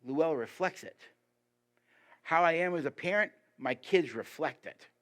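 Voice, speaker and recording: A man giving a sermon as a guest preacher, lively and emphatic, putting rhetorical questions to the congregation. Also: moderate pace. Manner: lively and emphatic, pitch rising on key points.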